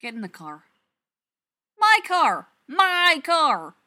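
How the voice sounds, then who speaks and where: A woman voicing a chatty, sarcastic young man who talks in quick, rambling outbursts. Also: a little high, very animated, pushed and bright, full character voice. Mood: exasperated.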